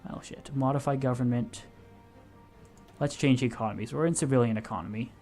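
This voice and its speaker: A young man with a gravelly, fry-edged voice talks through a strategy game, explaining each move as he goes and stopping to correct himself. His pitch sits in the ordinary middle, and soft music plays quietly behind him. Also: fairly quick. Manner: thinking aloud, explaining as he clicks, self-correcting. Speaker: gaming video host. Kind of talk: casual strategy game commentary.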